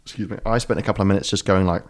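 A man's voice: low voice, fairly even intonation, racing. A man with an Australian accent hosting a casual podcast chat, rambling and joking with plenty of ums. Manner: rambling, jokey, many ums. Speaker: podcast host.

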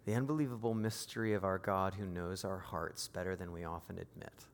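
A man preaching a sermon as pastor, moving from quiet, intimate lines to raised, emphatic appeals. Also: low-pitched, steady tone, brisk, in a large hall, a little hiss or hum.

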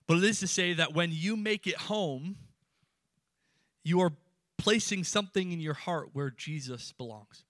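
A man delivers a sermon with emphatic, rising phrases that fall to hushed endings. His voice is bright and a little high. The recording is dry and close. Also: unhurried, no echo. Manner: emphatic preaching with sudden drops to quiet. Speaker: pastor.

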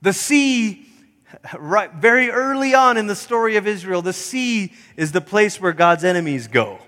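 An unhurried male pastor with a high, bright, forceful voice gives a lively sermon, acting out voices and slipping into bits of song. Long church-sanctuary reverb trails his words.

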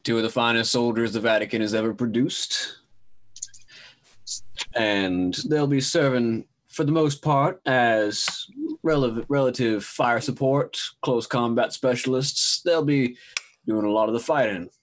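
A man narrating a tabletop role-play as game master, introducing characters in a laid-back, halting way. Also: mid-range voice.

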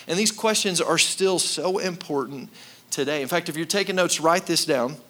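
A man delivering a sermon from the pulpit, his voice bright and forceful. He speaks emphatically, turns straight to the congregation, and repeats his main points for weight. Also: on the high side, moderate pace. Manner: emphatic, repeats key lines, addresses the congregation directly. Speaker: pastor.

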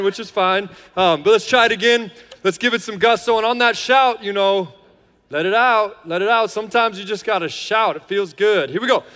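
Male pastor, chatty and playful, smooth voice, long hall reverb. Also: high voice, sharp tone. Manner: joking, chatty, many fillers. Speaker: lead pastor. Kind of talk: casual sermon intro and worship lead. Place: large church hall.

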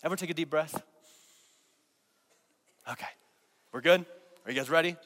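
Male pastor, a bit high-voiced, just over a cold, preaching in a reverberant sanctuary and getting the crowd to repeat after him. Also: moderate pace, a bit bright. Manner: call-and-response, prompting the congregation to repeat words. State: recovering from a cold. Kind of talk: sermon. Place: church sanctuary. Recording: long hall reverb.

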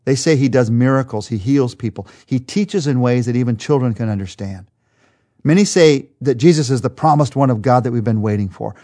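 An earnest male Bible teacher leads a daily study, setting the scene like a storyteller and pausing to restart a word now and then. His voice sits in an ordinary, middle register for a man. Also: mid-range voice, dark tone. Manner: earnest storytelling, vivid retelling with small restarts.

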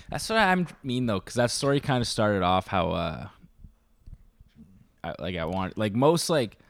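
A man's voice: on the low side, sing-song, unhurried, vocal fry, long pauses. A man in his twenties co-hosting a podcast, talking loosely and profanely in rambling stories. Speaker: podcast co-host. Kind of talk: casual podcast banter.

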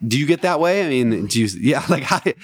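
A man's voice: medium pitch, lively intonation, fairly quick. A man in his thirties hosting a podcast, talking in a chatty, self-deprecating way. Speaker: podcast host. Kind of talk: casual interview conversation.

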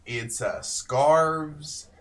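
A man's voice: on the high side, extremely slow, fairly bright tone. A man narrating a tabletop game as game master in a casual, descriptive way.

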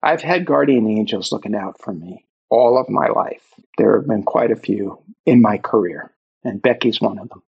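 A man's voice: fairly low pitch, normal speed, gravelly, breathy edge, lo-fi sound. A middle-aged man, an author and interview guest, telling personal stories in a reflective, emotional way and acting out past conversations. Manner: emotional, animated retelling of conversations. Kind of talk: reflective storytelling.

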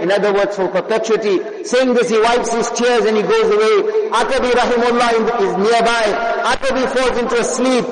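Fervent preacher chanting in a reverberant hall. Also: male voice, high voice, very noisy. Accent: South African. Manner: fervent, swings between chanted Arabic recitation and soft hushed English. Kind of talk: sermon. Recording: long hall reverb, crowd audible.

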